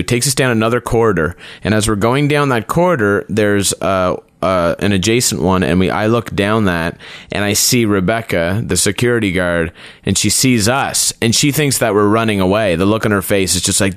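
A man with a fairly low voice tells a rambling story in a casual way. He jumps up in pitch whenever he acts out what someone said. The sound is dry and close, with no room around it. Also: normal speed, dry recording. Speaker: storyteller guest; performer. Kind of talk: casual anecdote telling.

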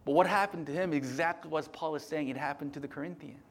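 High-voiced animated male preacher. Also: fast. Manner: animated storytelling, swinging between loud bursts and hushed murmurs; frequent "right?" tag questions. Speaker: pastor. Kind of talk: sermon.

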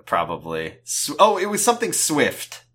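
A man's voice: a little high, huge pitch swings, normal speed, a bit bright, husky. A young man co-hosting a podcast in casual chat, rambling and joking as he acts out characters' lines. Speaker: podcast co-host.

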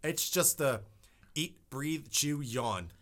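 A young man with a bright, forward tone trades relaxed, joking banter as a podcast co-host. He swears freely and rambles off on tangents. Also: on the high side, takes it slowly. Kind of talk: casual chat.

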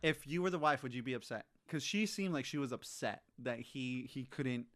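A man's voice: medium pitch, normal speed, a bit bright, no room sound, clean studio sound. A man chatting casually about a movie, swearing freely and giving his opinions. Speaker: podcast co-host. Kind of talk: casual chat, movie recap.

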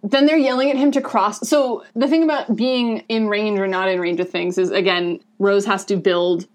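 A woman's voice: medium pitch, steady tone, normal speed. Chatty woman co-hosting a podcast. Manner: chatty and explanatory, with frequent "um" and "like". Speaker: podcast co-host. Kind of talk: casual discussion of a comic.

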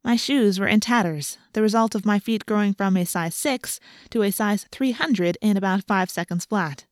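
A woman's voice: medium pitch, normal speed, no room sound, studio quality. A woman narrating a first-person novel in an earnest, tense storytelling manner. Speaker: audiobook narrator.

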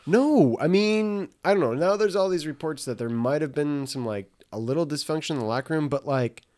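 A man's voice: on the high side, lively intonation, brisk, darkish tone. Guy on a podcast being dry and sarcastic, teasing his buddy. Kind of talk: casual chat.

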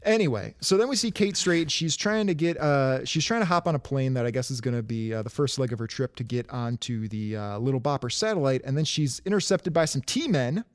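A man's voice: mid-range voice, expressive, fairly quick, few pauses, dry recording. A man co-hosting a podcast, casually recapping a story with jokey asides. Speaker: podcast co-host. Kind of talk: casual comedic chat.

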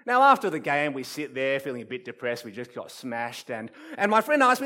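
A man preaching a sermon, telling stories dramatically and building up repeated phrases, shifting from quiet to loud. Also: medium pitch, big pitch swings, fairly quick, few pauses. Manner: dramatic storytelling with wide swings from soft to loud; repetitive rhetorical build-ups.

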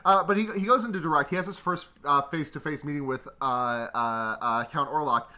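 A man's voice: on the high side, fairly quick, pushed and bright, a little hiss or hum. A man co-hosting a casual film chat, joking and rambling with many restarts.

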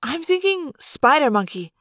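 A woman voicing a gentle, thoughtful teenage girl who speaks hesitantly. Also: high voice, big pitch swings, normal speed, dry recording, studio quality, voice pushed up. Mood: unsure.

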